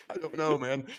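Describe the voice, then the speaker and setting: A man co-hosting a podcast, chatting casually, reacting with quick agreement and jokes and musing aloud. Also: a little high. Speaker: podcast co-host.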